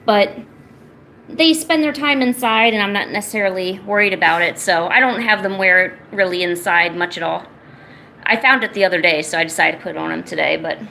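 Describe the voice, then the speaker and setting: A woman's voice: mid-range voice, sharp tone, a little hiss or hum. A woman streamer chatting casually at home, cooing to her pets in baby talk. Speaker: art streamer. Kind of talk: casual chat to pets and viewers.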